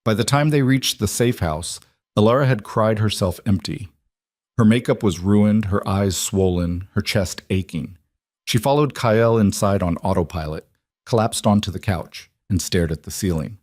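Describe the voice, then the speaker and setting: Male narrator, measured story read, low voice, dry close mic. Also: darkish tone, dry recording.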